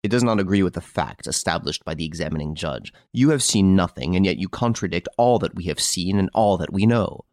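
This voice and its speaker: A man reading an audiobook, voicing a proud, excitable middle-aged count who turns petulant and stammering. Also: deep voice, fairly quick, hardly any pauses, dry recording, studio quality. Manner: petulant, then stammering and shaken.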